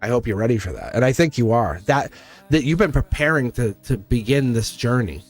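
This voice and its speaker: A man's voice: mid-range voice, lively intonation, a little fast, faint music behind. A man giving a live tarot reading to a viewer, speaking earnestly and emphatically, repeating phrases and stumbling over his words. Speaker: tarot reader.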